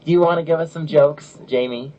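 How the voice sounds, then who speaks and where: A man's voice: fairly high pitch, a little fast. A man hosting a casual chat show, rambling and laughing through his questions. His voice comes through muffled, lo-fi audio. A faint hiss sits under it. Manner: chatty, laughs often, restarts. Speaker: podcast host.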